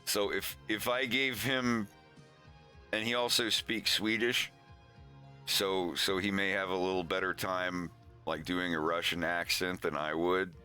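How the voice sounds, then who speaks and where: A man's voice: low-pitched, little pitch movement, a little slow, pushed and bright, faint music behind. A man hosting a casual livestream, chatting in a rambling way with frequent laughs. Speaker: animator and show host.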